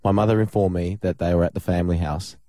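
Fast-talking cheeky man on radio. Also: sits low, fairly even intonation, dark tone, no room sound, studio quality. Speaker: radio co-host. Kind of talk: casual radio banter.

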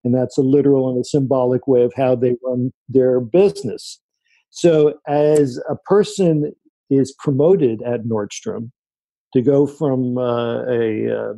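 A man's voice: mid-range voice, no echo. A man being interviewed as an author, answering at length with stories and quoted remarks. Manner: anecdotal, animated when quoting people.

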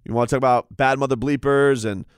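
A man's voice: mid-range voice, fairly even intonation, quick pace, smooth, dry recording, studio quality. A man casually discussing combat sports in a rambling way, with frequent restarts. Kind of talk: casual chat.

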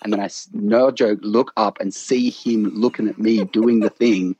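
A man's voice: lowish voice, fairly even intonation, normal speed, warm tone, slightly rough, no echo, lo-fi sound. A man, a podcast guest, telling a story in casual chat and laughing at himself as he goes. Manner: laughs through his own stories, self-mocking.

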